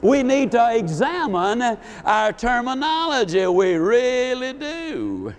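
A man's voice: very high-pitched, very animated, takes it slowly. A man giving a live motivational speech, telling folksy stories and putting questions to his audience. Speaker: motivational speaker.

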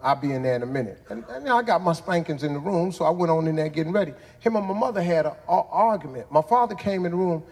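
A man's voice: high voice, animated, fast, hardly any pauses, darkish tone, big-room sound. A man in his sixties hosting a show, telling a childhood story in a folksy, drawling way that builds to punchlines. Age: 60s. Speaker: host. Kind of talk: motivational storytelling.

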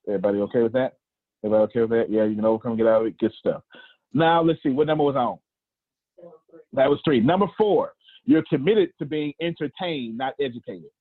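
A husky Southern American man in his forties leads a motivational call, preaching in animated bursts and circling back over his own phrases. His voice reaches us through a tinny, phone-like video call line with a close, dry sound. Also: medium pitch, no room sound. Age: 40s. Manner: animated, preachy, repeats phrases, talks to the group. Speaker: host of a coaching call.

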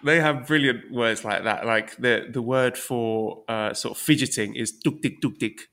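A man's voice: medium pitch, moderate pace, sharp tone. A man co-hosting a casual wrestling podcast, with dry, teasing humor. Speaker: podcast co-host.

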